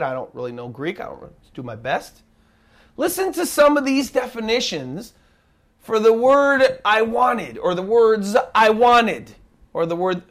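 A man preaching a sermon as pastor, emphatic, dropping to a hush and rising to near shouts. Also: very high-pitched.

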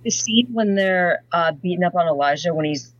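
A woman's voice: lowish voice, moderate pace, dull audio. A woman chatting casually as a podcast guest, swearing a lot, getting flustered and laughing. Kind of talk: casual chat.

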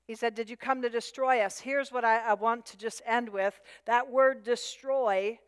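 A woman's voice: a little high, steady tone, moderate pace, smooth. A woman preaching a sermon with emphasis, repeating her key phrases. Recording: long hall reverb.

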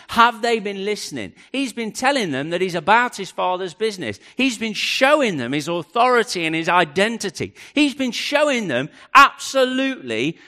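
A middle-aged man preaching a sermon, swinging from loud questions down to near hushes. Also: mid-range voice. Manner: dramatic, rising and dropping to near hush. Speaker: pastor.

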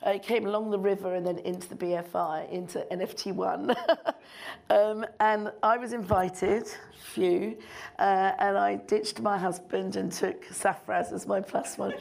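A middle-aged woman, a filmmaker guest on stage, telling an animated anecdote with frequent laughter and mimicry. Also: medium pitch, measured pace, gravelly.

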